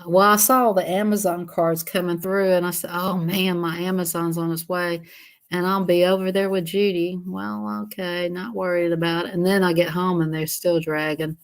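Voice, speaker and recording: A woman's voice: on the low side, level tone, moderate pace. A woman chatting casually on a livestream while coloring, laughing often and greeting viewers. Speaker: livestream host.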